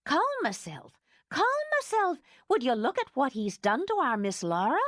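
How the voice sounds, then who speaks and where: A woman's voice: fairly high pitch, big pitch swings, fairly quick, dry recording, clean studio sound, voice pushed up. A woman reading an audiobook, voicing a fierce, protective older housekeeper who talks indignantly and fusses. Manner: indignant, fussing.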